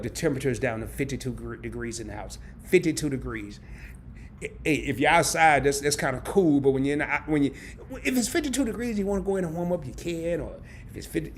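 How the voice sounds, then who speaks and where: A man hosting a casual livestream, telling a story in an animated, slangy way and laughing often. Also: high voice. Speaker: travel and credit card channel host. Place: home during a power outage.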